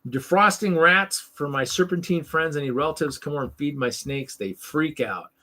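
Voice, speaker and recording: A man hosts a casual live stream and rants with exasperated sarcasm, often circling back over the same words. His voice sits a little high and sounds bright and forceful. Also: moderate pace. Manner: ranting, exasperated, sarcastic, repeats himself. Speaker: host of a live toy-hobby stream.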